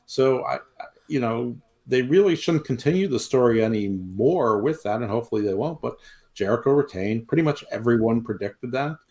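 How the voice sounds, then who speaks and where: A man's voice: mid-range voice, lively intonation, normal speed, darkish tone. A man co-hosting a wrestling podcast, telling stories in a rambling, swearing way with many restarts. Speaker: podcast co-host. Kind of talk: casual wrestling recap chat.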